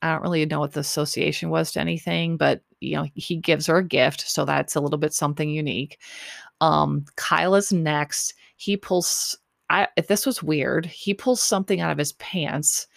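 A woman with a low voice and a gravelly edge talks through a show recap in a loose, rambling way. She leans on fillers and repeats herself as she goes. The sound is dry and close, with no room around it. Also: steady tone, normal speed, no echo. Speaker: podcast host recapping a dating show. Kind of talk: casual chat.

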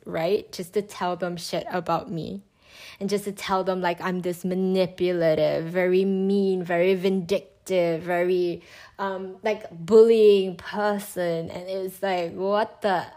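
A young woman telling a story in relaxed, casual chat. Her voice sits at a middle pitch, and she swears freely. She turns loud and high when she acts out the people in her story.

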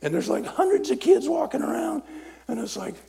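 A man preaching a sermon and telling a story, acting out voices and swinging between loud and soft. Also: very high voice, very animated, fairly quick, gravelly.

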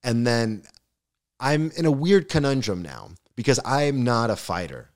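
Speaking unhurriedly in a mid-range voice, a young man appears as a podcast guest. He gets animated while telling a funny story, swearing a lot and performing each quote.

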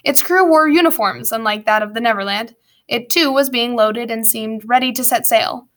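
A woman reading a storybook aloud as narrator, with lively storytelling and wry asides. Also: fairly high pitch, normal speed. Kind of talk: audiobook narration.

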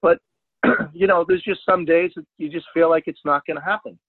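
A man, a fishing charter captain, telling a story in a casual interview, animated and loud at the high points. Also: brisk, breathy edge, dry recording. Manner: animated, jumps to loud exclaims when retelling. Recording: dry tinny phone line.

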